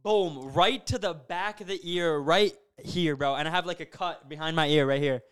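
A young man hosting a podcast, recounting a story in casual chat, animated and full of fillers like "bro" and "like". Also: on the high side, normal speed, clean tone. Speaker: podcast host.

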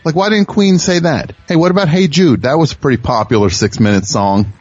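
A man's voice: a little high, fairly quick, hardly any pauses, darkish tone, dry recording, highs cut off, faint music behind. A male radio show host rambling through a self-mocking comic monologue with many restarts.

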